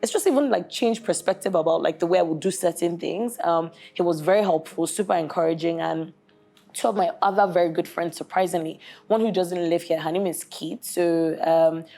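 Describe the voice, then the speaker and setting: A woman's voice: lowish voice, fairly quick, gravelly. A young woman from Nigeria, a guest, telling a story in casual chat with lots of "like" and "literally". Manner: animated storyteller who often says "like" and "literally". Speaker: guest bride.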